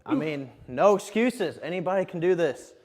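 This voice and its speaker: A man's voice: high voice, animated, moderate pace, darkish tone. A male show host joking his way through a workout, self-deprecating and out of breath. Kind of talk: joking casual chat during a workout.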